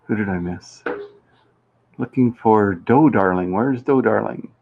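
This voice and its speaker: A man's voice: on the low side, unhurried, gravelly, phone-quality sound, slight background noise. A man hosting a game show live stream, chatting casually and reading out viewer comments. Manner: chatty and rambling, reads chat aloud, plays with pronunciations.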